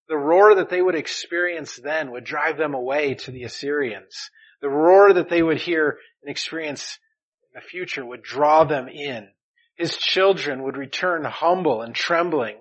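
A man delivering a sermon with a slightly higher-than-usual voice. He preaches earnestly, pressing louder on key phrases and then dropping softly as his lines close. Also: normal speed, muffled recording. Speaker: pastor.

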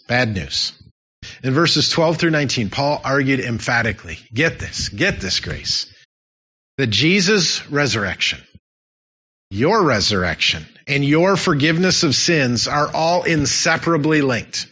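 A man's voice: medium pitch, very animated, measured pace, bright, forceful tone, husky. A man preaching a sermon as pastor, emphatic and repeating his key phrases for effect. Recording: dull lo-fi sound.

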